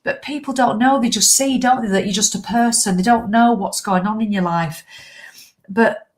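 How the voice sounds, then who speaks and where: A woman's voice: on the high side, moderate pace. Blunt, swearing fitness coach woman. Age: middle-aged. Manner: blunt, heavy swearing, impassioned. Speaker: fitness coach selling her course. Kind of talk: casual live video chat to followers.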